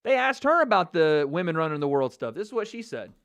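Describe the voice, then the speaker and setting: A man mocks and jokes his way through a live MMA talk stream, swearing freely and laughing often. His voice is a little high and swoops up and down a lot. The sound is dry and close to the mic. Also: big pitch swings, quick pace, a bit bright, clean tone, dry recording. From United States. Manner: mocking, profane, laughs often. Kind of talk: casual livestream commentary.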